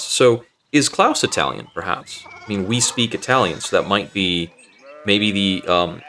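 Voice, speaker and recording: A man with a very low voice talks his way through a story game, reading its text aloud and thinking out loud between lines. He often trails off into fillers and restarts, casual and unhurried. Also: slight background noise. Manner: musing aloud with frequent fillers. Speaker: gaming channel host. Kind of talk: let's play commentary, reading dialogue aloud.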